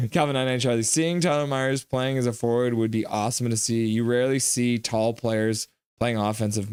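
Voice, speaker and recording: A man's voice: medium pitch, normal speed, clean tone, dry recording. Joking man streaming hockey. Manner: joking, excitable, banters with chat. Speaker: live-stream host. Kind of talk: live reaction stream commentary, reading chat.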